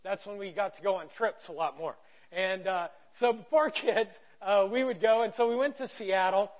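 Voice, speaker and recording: A man in his thirties preaching a sermon, telling a story with animated quoted voices. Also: high voice, normal speed. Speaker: pastor. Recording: dull lo-fi sound.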